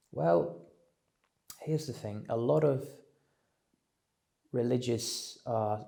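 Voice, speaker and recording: A man at home giving a reflective solo talk, measured and musing as he thinks aloud. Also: mid-range voice, gravelly, dark tone. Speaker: speaker on self-development.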